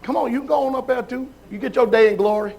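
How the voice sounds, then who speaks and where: A pastor delivers a live sermon in an extremely high-pitched, fast voice with vocal fry and a darkish tone. He calls members forward and checks in with the congregation, asking whether they follow him.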